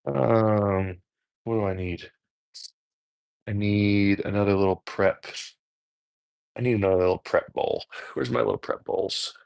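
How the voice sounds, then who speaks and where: Casual New Jersey man, low gravelly voice, self-deprecating rambler, dry close mic. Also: measured pace, long pauses, darkish tone, no echo. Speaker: home cook content creator. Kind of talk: casual chat while cooking prep.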